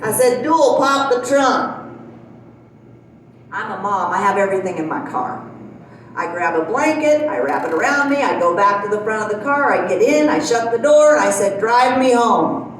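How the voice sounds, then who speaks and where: A woman's voice: fairly high pitch, expressive, moderate pace, slight background noise. A woman in her fifties doing a stand-up comedy set on a club stage, telling self-deprecating stories, acting out quotes and laughing as she goes. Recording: very echoey club audio from far off.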